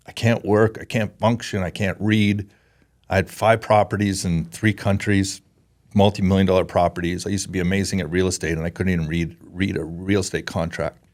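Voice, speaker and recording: Low-voiced emotional Canadian-raised man. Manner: earnest and emotional, halting with restarts. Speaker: podcast guest, former pro hockey player. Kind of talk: candid interview talk.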